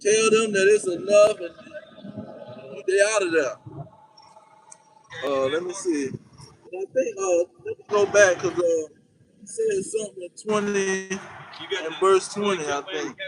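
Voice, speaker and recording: A man with a notably high voice delivers a fiery scripture teaching. He drags out the verses he reads, then hammers his points with short, repeated commands, and a faint noise sits underneath. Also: sing-song, poor audio. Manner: emphatic, repetitive commands, slows down for verses. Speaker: preacher.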